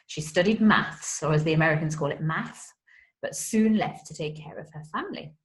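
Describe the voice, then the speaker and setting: A woman with a slightly low-pitched voice teaches a home-school history lesson. She talks to young children, breaking down terms simply and in a friendly way. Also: a little fast, rough recording.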